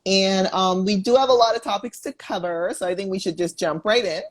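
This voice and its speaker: A woman's voice: mid-range voice, fairly quick. A woman from the US East Coast hosting a casual interview over a video call, friendly and a bit scattered. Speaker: host.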